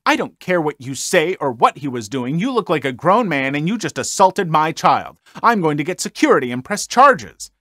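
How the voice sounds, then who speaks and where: Man voicing a smug entitled mom, slightly raised pitch, dry close sound. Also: very animated, normal speed, hardly any pauses, pushed and bright, dry recording, exaggerated voice. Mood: indignant. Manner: indignant, smug. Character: smug entitled middle-aged mother.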